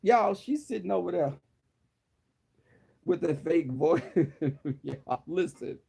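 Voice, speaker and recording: A man's voice: on the high side, lively intonation, slow pace, gravelly, pauses often, warm tone, husky, rough recording. A man vlogger roasting someone in a sassy, dramatic way. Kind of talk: sassy commentary.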